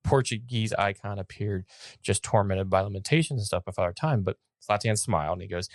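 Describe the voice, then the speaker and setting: A man co-hosting a casual podcast, relaxed, reading out bits from articles and notes. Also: on the low side, fairly quick, dry recording, studio quality. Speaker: podcast co-host. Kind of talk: casual chat.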